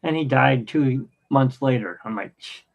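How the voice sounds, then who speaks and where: Man, 50s, podcast host, gravelly, rambling, halting, dull lo-fi recording. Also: medium pitch. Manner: rambling, anecdotal, halting with fillers. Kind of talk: casual rambling chat. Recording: dull lo-fi sound.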